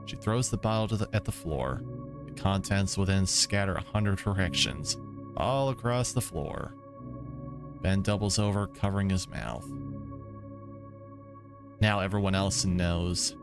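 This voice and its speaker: Laid-back low-voiced gamer narrating. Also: male voice, unhurried, long pauses, music in the background. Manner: laid-back, swearing asides and chuckles. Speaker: let's play streamer. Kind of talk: reading a visual novel aloud with commentary.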